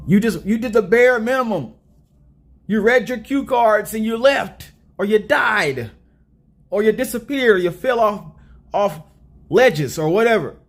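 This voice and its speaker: A young man talking through a movie review in a loose, rambling way, cracking jokes and circling back on himself as he goes. His voice sits fairly high for a man. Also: a little slow. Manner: animated, rambling, joking.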